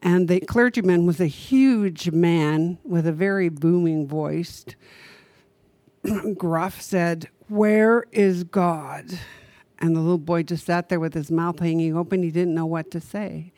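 A woman minister preaching a sermon in a conversational, storytelling way. She asks the congregation rhetorical questions and slows down to stress her key points. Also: lowish voice, fairly even intonation, warm tone, no echo.

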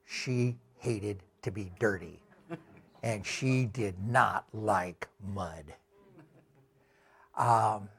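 A middle-aged man giving a talk with slides, telling travel anecdotes slowly with many fillers. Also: medium pitch, vocal fry. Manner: slow, unhurried anecdotes with fillers. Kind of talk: storytelling talk.

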